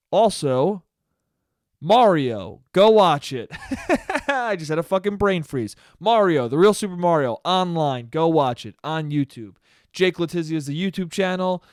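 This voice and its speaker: A young man hosting his own podcast, ranting in a profane, animated way. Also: a little high, clear, resonant tone, dry recording, studio quality. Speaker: podcast host. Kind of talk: solo comedic podcast rant.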